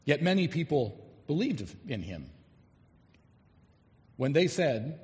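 A man preaching an expository sermon, emphatic and animated, reading scripture aloud and explaining it to a congregation. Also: mid-range voice, slow, long pauses. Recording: long hall reverb.

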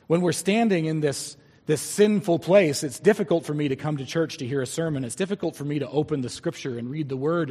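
A man preaching a sermon in a church, speaking deliberately and stretching key words for emphasis. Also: on the high side, a little mellow, slightly rough, big-room sound. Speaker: pastor.

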